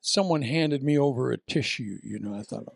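Gravelly-voiced preacher man, dry sound. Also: mid-range voice, moderate pace, no room sound. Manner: animated storytelling, shouted punchlines, then soft prayer. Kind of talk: sermon with humorous story.

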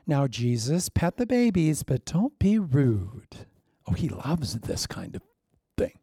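A man preaching a sermon, telling a story with lively energy and acting out the voices. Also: mid-range voice, moderate pace, creaky, no room sound, studio quality. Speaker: pastor.

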